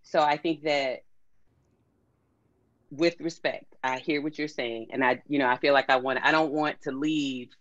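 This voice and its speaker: A woman guest speaks slowly and reflectively, restarting her thoughts as she works through them. The audio is dull and lo-fi, with a dry, close sound and no room echo. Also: extremely low pitch, steady tone. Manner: measured, reflective, many restarts. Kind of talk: panel discussion.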